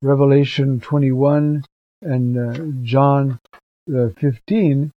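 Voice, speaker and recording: A man's voice: mid-range voice, steady tone, slow, no room sound. An older man, a priest, giving a conversational, earnest commentary on scripture readings for preachers. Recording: dull, dry recording.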